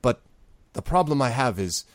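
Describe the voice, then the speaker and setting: A man's voice: medium pitch, lively intonation, normal speed, dry recording, pitched above the performer's own voice, natural voice. A man voicing a weary, earnest male innkeeper who was made mayor in a tabletop game.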